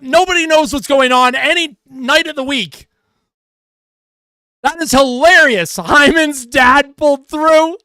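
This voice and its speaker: Man reacting live to a game, high bright voice, exasperated, swears, dry close mic. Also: lively intonation, measured pace, no room sound. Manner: exasperated, swearing, rants at calls. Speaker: fan streamer. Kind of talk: live fan reaction and play-by-play commentary.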